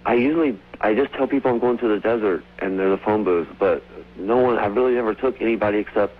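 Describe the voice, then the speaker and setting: A man calling in to a radio show, telling rambling, excited stories over the phone. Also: fairly low pitch, fast talker. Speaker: caller. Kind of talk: casual phone-in storytelling. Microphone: telephone. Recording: tinny phone line.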